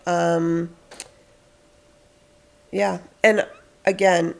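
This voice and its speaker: A woman counsellor talks through parenting advice in a relaxed podcast chat. Her voice carries a gravelly edge. She slips into quoted parent voices as she explains. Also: lowish voice, very slow. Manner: explains patiently, acts out parents' lines.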